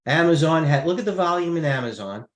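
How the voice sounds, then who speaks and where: A man's voice: a little high, expressive, fast talker, echoey room. A man trading live, talking through his positions in a rambling way, restarting his sentences and thinking aloud. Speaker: trader.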